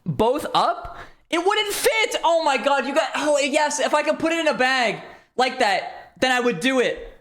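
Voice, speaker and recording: A man's voice: very high voice, very animated, measured pace, fairly bright tone. A male streamer telling an exasperated story in casual chat.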